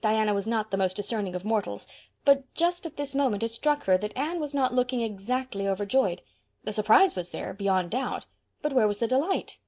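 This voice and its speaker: A woman narrating a classic novel as an audiobook, in an expressive, measured storytelling manner. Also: mid-range voice. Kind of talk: scripted narration.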